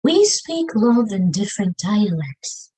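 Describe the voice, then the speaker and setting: A woman's voice: medium pitch, big pitch swings, slow pace, dark tone, breathy edge, rough recording. A woman with a Southern US accent performing her own spoken-word poetry over a video call, with a rhythmic, emphatic delivery and Southern slang. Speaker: poet.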